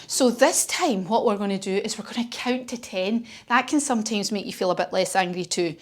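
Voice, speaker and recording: Gentle kids' yoga teacher, woman. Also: mid-range voice, brisk, few pauses. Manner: gentle, encouraging, sing-song. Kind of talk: storytelling yoga class for children.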